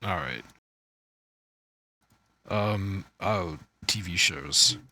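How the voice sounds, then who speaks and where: A man's voice: sits low, lively intonation, drawn-out words, bright, forceful tone, no echo. A man co-hosting a podcast, chatting casually about movies and shows, rambling, swearing and losing his train of thought. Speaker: podcast co-host. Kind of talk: casual chat.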